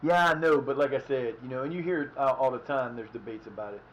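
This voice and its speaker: A man's voice: mid-range voice, fast talker. A man casually chatting while streaming a football management game, rambling and swearing now and then. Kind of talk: casual live-stream commentary. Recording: slightly dull lo-fi mic.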